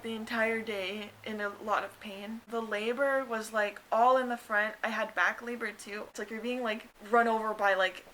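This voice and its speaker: Brief: young woman in her twenties, casual chatty storytelling, fillers, bright tone. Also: a little hiss or hum, poor audio. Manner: chatty, many "like" fillers, acts out quotes in higher voice. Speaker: new mother telling her birth story.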